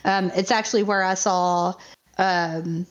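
A woman co-hosting a podcast in casual chat, excitable and quick to rant and laugh. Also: lowish voice. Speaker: podcast co-host. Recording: muffled lo-fi recording.

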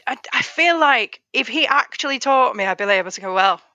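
A woman's voice: high-pitched, lively intonation, fairly quick, bright, forceful tone, dry recording. A woman teacher and author as a podcast guest, talking with enthusiasm and often restarting her sentences. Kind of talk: podcast interview.

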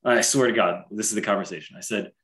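Casting note: low-voiced man in his thirties, easygoing podcast storyteller, leans on "like". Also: quick pace, fairly bright tone. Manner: chatty storyteller, heavy on fillers like "like". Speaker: podcast co-host, wrestler. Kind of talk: casual chat.

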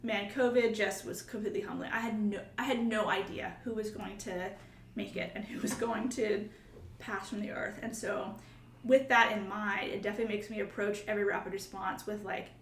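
A woman's voice: medium pitch, fairly even intonation, brisk, fairly bright tone, a little hiss or hum. A woman who hosts a podcast and works as a nurse, talking earnestly and with feeling. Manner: earnest, emotional, acts out quoted coworkers. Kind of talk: heartfelt podcast conversation. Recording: roomy sound from a distance with faint ambience.

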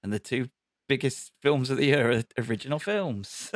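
A man's voice: mid-range voice, lively intonation, normal speed. A man on a podcast panel chatting casually, hesitant with many fillers. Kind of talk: casual chat.

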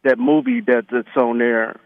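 A male caller comes through a tinny phone line, voicing his opinions in a halting, argumentative way full of fillers. His voice sits at a middling pitch and sounds dry. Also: huge pitch swings, vocal fry, no room sound.

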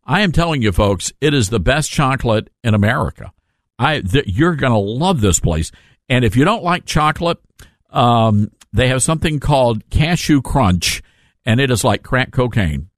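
Speaking with a Southern drawl, a man runs a laid-back radio talk show, trading folksy jokes with callers and laughing easily. His voice is medium-pitched and animated, and the studio mic gives a clean, echo-free sound.

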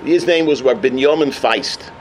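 A man giving a sermon as a rabbi, telling a story with animated energy. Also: medium pitch, normal speed, slight background noise. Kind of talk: sermon on the weekly portion.

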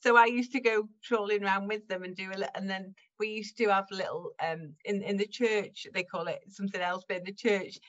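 A woman's voice: medium pitch, steady tone, a little fast, few pauses, fairly bright tone, lo-fi sound. A middle-aged woman, a guest on an interview, who often laughs as she talks. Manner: laughs often while talking. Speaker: guest, improv performer. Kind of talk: casual conversational interview.

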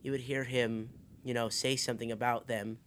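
A man narrating as game master of a tabletop game, halting, with many fillers and restarts. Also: medium pitch, level tone, fairly bright tone, a little hiss or hum.

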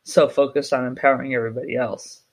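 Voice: mid-range voice, level tone, quick pace. A podcast host chatting casually with a guest, reflecting briefly before moving on. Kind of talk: casual interview chat.

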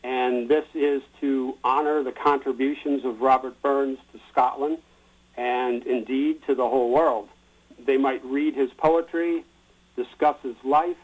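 A man explaining a tradition in a plain-spoken, relaxed way, with the odd filler. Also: medium pitch, dull audio. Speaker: guest explaining a Burns supper. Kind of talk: explanatory chat.

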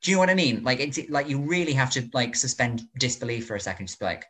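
Rambling man, lively pitch. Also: fast talker, few pauses. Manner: rambling, lots of "like", jokey reactions. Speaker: podcast co-host. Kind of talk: casual chat.

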